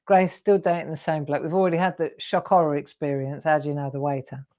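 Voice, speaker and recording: A woman's voice: low-pitched, fairly even intonation, quick pace, a little mellow. An English woman hosting a live crafting show, telling rambling anecdotes and laughing often. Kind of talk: chatty storytelling while crafting.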